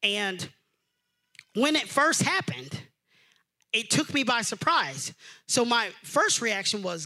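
A young adult male pastor delivers a sermon in a high, bright voice. He swings between loud, emphatic preaching and quiet, personal storytelling. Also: very animated, a little slow, gravelly, long pauses.

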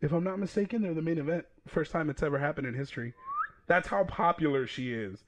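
A man in his thirties hosting a podcast, casual and profane, excitable and quick to laugh. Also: a little high, slight background noise. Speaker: podcast host.

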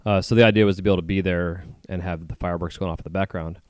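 A man's voice: low voice, fairly even intonation, racing, clear, resonant tone, no room sound, clean studio sound. A man co-hosting a podcast, telling a story in a rambling way with many fillers and restarts. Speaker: podcast co-host. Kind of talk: casual chat.

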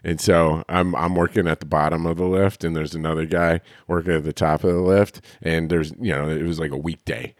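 A man hosting a podcast, chatting casually and telling an animated story with lots of swearing and acted-out quotes. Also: very deep voice, brisk, hardly any pauses, dry recording, clean studio sound. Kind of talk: casual chat.

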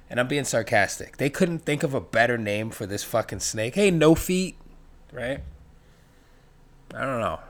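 A man performing a profane, sarcastic comedic monologue in a mid-range voice. He rambles and jumps suddenly to loud, animated bursts. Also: mid-range voice. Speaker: stand-up comedian.

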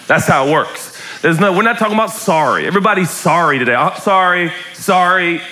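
A man preaching a lively sermon in a church, joking, shouting and acting out voices as he talks. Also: fairly high pitch, fast. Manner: animated, joking, shouts and acts out quotes. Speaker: pastor. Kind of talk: lively sermon to a live congregation. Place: church hall.

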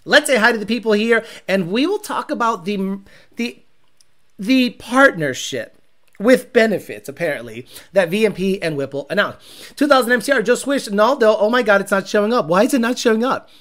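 A man's voice: high-pitched, lively intonation, moderate pace, fairly bright tone. Brash, sarcastic live-show host man. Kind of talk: casual livestream talk.

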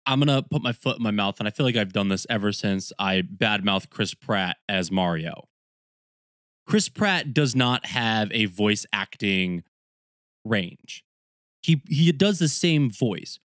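Podcast guy, mid voice, runs the segments, steady, dry sound. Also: mid-range voice, dry recording. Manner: steady, leads segments, opinionated. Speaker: podcast co-host. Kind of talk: casual chat.

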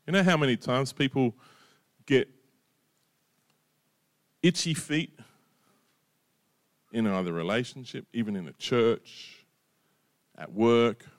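Recorded dry and close without any room echo, this sermon comes from a middle-aged pastor with an ordinary mid-pitched voice. He keeps things relaxed and conversational, peppering his talk with "you know" and "right?" as he checks in with his listeners.

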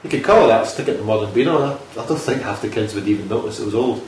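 A man's voice: lowish voice, animated, rapid-fire, darkish tone, recorded from a distance. A jokey man co-hosting a laid-back chat, his voice swinging up and down with lots of life. He sits back from the mic in an echoey room with a faint hiss behind. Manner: chatty, laughs often, jokey. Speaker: podcast co-host. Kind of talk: casual chat.

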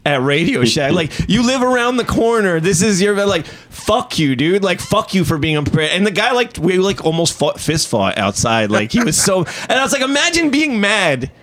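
A touring musician from New Jersey talks on a podcast, his voice sitting a little high for a man. He rambles through stories with constant fillers and restarts, swearing freely as he goes. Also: sing-song, moderate pace, few pauses, a bit bright. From New Jersey, USA. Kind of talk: casual podcast chat.

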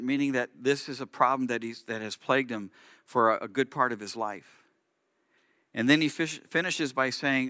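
A male rabbi preaches a sermon, explaining as he tells the story and acting out its quotes. His voice is forceful and tense. The sound is close and dry. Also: mid-range voice, a little slow, long pauses, no room sound.

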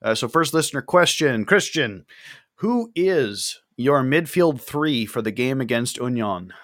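A man's voice: mid-range voice, expressive, unhurried, fairly bright tone, dry recording, studio quality. A man hosting a casual podcast chat, reading out listener questions and leading the talk. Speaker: podcast host.

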